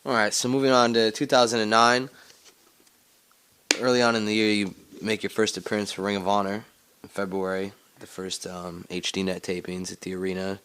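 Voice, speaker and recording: A man conducting an interview, asking questions in a measured, even way. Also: fairly low pitch, clean tone.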